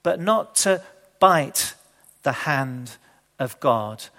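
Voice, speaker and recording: A man's voice: mid-range voice, animated, drawn-out words, pushed and bright. A man preaching a sermon in a conversational way, asking the congregation questions. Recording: long hall reverb.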